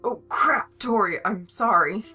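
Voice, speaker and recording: This is a weary, gloomy young skeleton man, voiced by a woman reading a fan story, speaking in a flat monotone. He jokes about himself without any humor, and his lines come out bright and forward. Soft music plays faintly beneath him. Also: sits low, normal speed. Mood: startled. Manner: flat monotone, self-deprecating.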